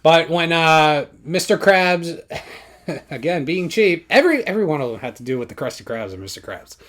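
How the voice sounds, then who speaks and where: Animated man with a high, lively voice. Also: moderate pace. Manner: animated, acts out scenes in shouted voices. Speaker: podcast host. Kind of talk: casual podcast chat.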